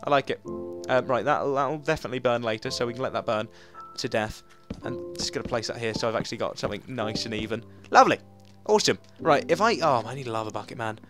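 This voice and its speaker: A young English gaming YouTuber gives let's play commentary over background music, his medium-pitched voice moving fast. He's chatty, narrates his moves, mocks himself, and talks to himself while playing.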